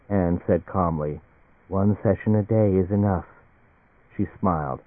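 A man with a fairly low voice reads a novel aloud, measured and even, keeping the characters' lines quiet. The sound is thin and phone-like, with a dry, close feel and no room around it. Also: no room sound. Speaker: audiobook narrator. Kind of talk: scripted narration. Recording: tinny phone-like audio.

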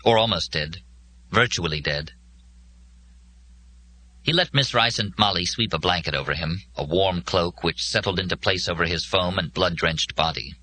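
A man reading scripted narration for an audiobook in a measured, solemn way. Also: low voice, bright, forceful tone, slight background noise.

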